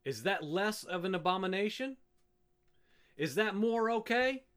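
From the pulpit, a pastor delivers a sermon in a high voice whose pitch swings widely, pressing his congregation with pointed rhetorical questions. His pace is measured and his delivery smooth, yet emphatic and animated.

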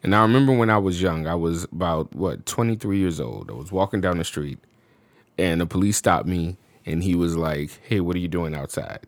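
A man's voice: low-pitched, normal speed, dry recording. A man from the United States, a podcast guest, telling a personal story casually and with animation. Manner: animated, with frequent fillers like "you know what I'm saying".

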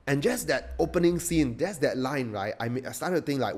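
Halting man telling a story. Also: mid-range voice. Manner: animated, halting, many fillers.

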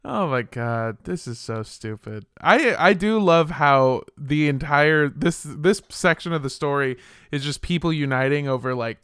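A man's voice: a little high, unhurried, clear, resonant tone, no room sound, studio quality. A man co-hosting a podcast who tells a personal anecdote, swearing freely. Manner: swears freely, animated storytelling. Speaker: podcast co-host. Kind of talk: casual chat with anecdotes.

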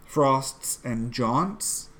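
Slow, analytical man hosting a podcast. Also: mid-range voice, animated, a bit bright. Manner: analytical, halting, chants out the meter. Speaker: podcast host critiquing a poem. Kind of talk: casual podcast chat.

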